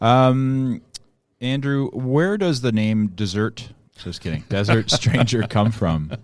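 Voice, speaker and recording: A man's voice: mid-range voice, slow, dry recording. A man in his thirties co-hosting a casual podcast, joking and self-deprecating. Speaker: podcast co-host.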